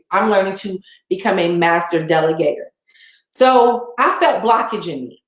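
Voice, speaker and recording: A woman coach speaks with energy and emphasis, telling a motivational story and circling back to her key phrases. Her voice sits at a medium pitch, and the room gives it a noticeable echo. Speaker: business coach. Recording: echoey room.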